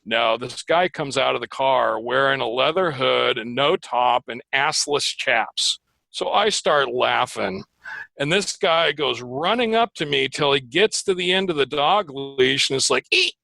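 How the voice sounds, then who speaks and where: A middle-aged man tells stories from his work in a podcast interview, bright and a little gravelly. He slips into the voices of the people he quotes as he goes. The sound is close and dry. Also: mid-range voice, unhurried, dry recording, rough recording. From Los Angeles area. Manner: animated, acts out quoted voices when telling stories. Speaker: guest, veteran process server. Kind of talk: casual storytelling in a podcast interview.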